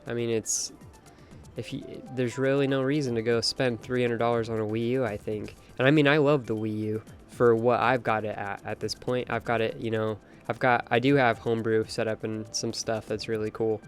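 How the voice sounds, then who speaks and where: A man's voice: mid-range voice, fairly even intonation, normal speed. A young man hosting a late-night game stream, chatting casually with an opinionated, talkative manner and reading out chat. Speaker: live-stream host. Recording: faint music behind voice.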